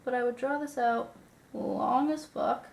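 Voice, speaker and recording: A woman's voice: a little high, a little slow, creaky, darkish tone, reverberant. A young woman chatting casually while doing her makeup, sniffly from a recent illness, self-deprecating, swearing and muttering to herself. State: sniffly, getting over an illness. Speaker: beauty vlogger.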